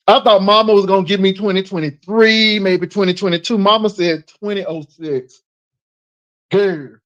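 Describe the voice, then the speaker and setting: A man's voice: high-pitched, fairly even intonation, moderate pace, a bit bright, rough recording. A man in casual live call-in chat, sassy and teasing, repeating his points with emphasis.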